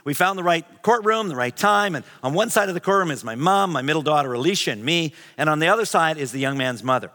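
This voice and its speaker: A middle-aged pastor tells a story from the pulpit, his tone bright and a touch high for a man. He moves from lively telling to hushed near-whispers. His voice rings out through a large hall with long reverb. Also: fast talker, hardly any pauses. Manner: animated, shifts to hushed whispers. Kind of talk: sermon storytelling.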